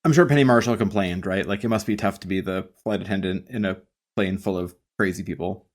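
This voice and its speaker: A man with a low voice talks loosely on a podcast, swearing freely. His speech is full of "like" and blunt opinions. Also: brisk. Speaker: podcast co-host. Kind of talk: casual chat.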